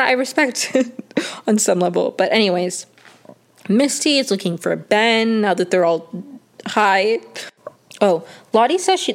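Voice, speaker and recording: A young woman casually recapping a TV episode, chatty and full of fillers and restarts. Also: mid-range voice. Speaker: show recap host.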